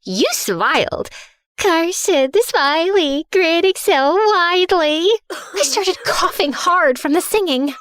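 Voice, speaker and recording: A young woman narrating her own animated story in first person, sassy, dramatic and sarcastic. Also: very high voice, takes it slowly, dry recording. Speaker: narrator and heroine.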